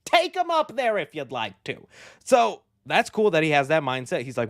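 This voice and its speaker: A man hosting a movie news show, talking in an excitable, slangy and rambling way. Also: sits high, normal speed, no echo, studio quality. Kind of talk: casual movie news commentary.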